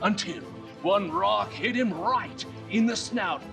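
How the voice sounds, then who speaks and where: Lady reading a bedtime tale real slow, voice swoops all over, mic far off with music behind. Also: mid-range voice, vocal fry. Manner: slow, very expressive, hushed at times. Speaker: storyteller. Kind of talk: bedtime story narration.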